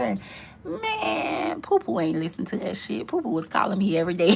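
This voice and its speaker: Animated gravelly woman telling a story. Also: lowish voice, normal speed. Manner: animated, laughing, mimics voices in quotes. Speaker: host. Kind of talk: casual storytelling.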